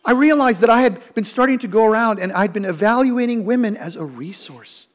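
High-voiced man preaching a sermon. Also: lively intonation, a little fast. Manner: storytelling, acts out quoted voices with rising pitch. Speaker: pastor.

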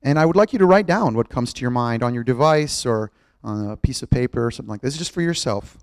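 A man's voice: mid-range voice, expressive, quick pace, no room sound. A middle-aged man preaching, who tells a self-mocking story and acts out each line of dialogue. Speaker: pastor. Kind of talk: storytelling sermon.

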